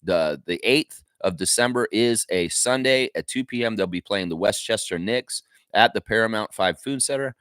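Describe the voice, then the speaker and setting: A man's voice: on the low side, normal speed, a bit bright, smooth, dry recording. Opinionated man ranting on a fan show. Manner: rambling, opinionated, frequent restarts and fillers. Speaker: host of a daily basketball fan show. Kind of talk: casual livestream commentary.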